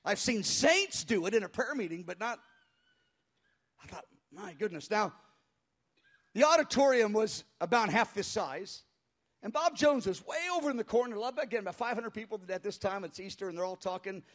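A man pastor telling a story in a sermon before a live congregation, animated and halting, crying out when he acts out quoted voices. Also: high voice. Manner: halting with frequent restarts.

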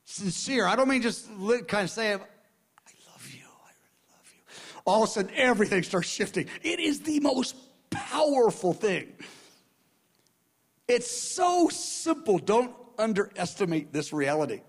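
Male preacher, high voice, earnest sermon, repeats phrases, soft murmurs to loud bursts. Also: very animated, normal speed.

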